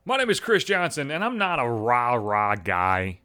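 A middle-aged man rants with constant cursing and mounting exasperation. His voice swoops up and down with a lot of life, bright and tense in tone. The sound is dry and close. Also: mid-range voice, wildly swooping pitch, normal speed, clean tone, no echo. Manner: swears constantly, exasperated ranting. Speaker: monologue speaker. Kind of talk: profane comedic rant.

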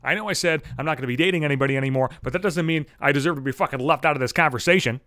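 Racing along in a slightly high, fairly bright voice, a man in his thirties tells a comic story packed with swearing, repeatedly working himself up into rants. It's a dry, studio-quality recording of a profane monologue.

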